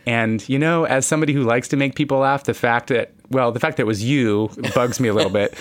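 A man's voice: medium pitch, fast, no echo, studio quality. A man co-hosting a podcast, a therapist reflecting earnestly on his work with some playful teasing. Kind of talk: casual chat.

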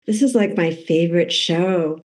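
Author guest, woman from Massachusetts, eager and fan-like, lower pitch. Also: normal speed, a little mellow. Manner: eager, fan-like, self-interrupting. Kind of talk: casual interview chat.

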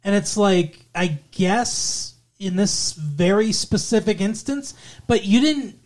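Podcast co-host, casual movie review, profane, rambling, fillers, mid pitch. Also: slow pace, a little mellow.

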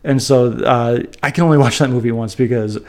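A man co-hosting a podcast, chatting casually, animated and playful with stammering restarts. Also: mid-range voice, fairly quick. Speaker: podcast co-host. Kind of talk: casual chat.

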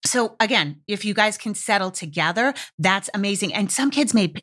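A woman's voice: medium pitch, animated, moderate pace, a bit bright. A woman hosting a parenting podcast, giving frank, conversational advice with the odd swear word. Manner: frank, candid, casually profane, conversational. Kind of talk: casual advice podcast monologue.

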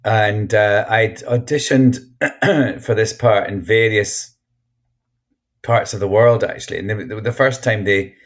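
With a lowish voice and a slightly slow pace, the Scotsman, an actor who has written a memoir, chats candidly as an interview guest. His storytelling is casual and full of restarts.

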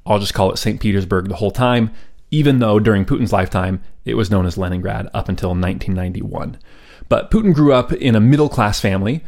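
A man's voice: lowish voice, darkish tone. A man hosting a podcast, telling a history story in a casual, chatty way with asides and fillers. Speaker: podcast host.

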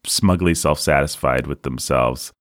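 Deep-voiced animated podcast host. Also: male voice, no room sound. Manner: animated, mocking put-on voices in quick bursts, laughs often. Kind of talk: casual film discussion.

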